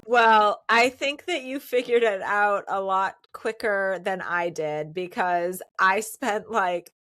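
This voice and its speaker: A woman's voice: medium pitch, takes it slowly, a bit bright, no room sound. A woman hosting a podcast, chatting casually and giving short affirmations. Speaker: podcast host. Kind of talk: casual interview chat.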